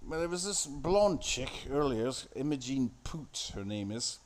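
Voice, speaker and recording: A man talking casually over a film at a middle pitch, crude and sardonic in his asides. He rambles from scene to scene with swearing and dry mockery. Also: lively intonation, measured pace, slight background noise. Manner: sardonic, crude, profane, off-the-cuff. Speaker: host commenting on a film.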